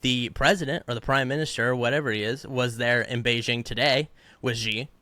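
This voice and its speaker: A man's voice: medium pitch, fairly even intonation, a little fast, pushed and bright, no echo. Fired-up man ranting about politics. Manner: fired up, ranting, mimics people he quotes. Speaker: podcast co-host. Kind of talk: heated political commentary.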